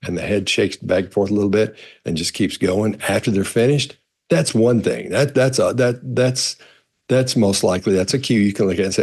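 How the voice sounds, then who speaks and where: A man's voice: lowish voice, brisk, darkish tone, husky. A man, a body language expert, casually answering viewer questions in a rambling way, often restarting his phrases. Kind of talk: casual explanatory talk.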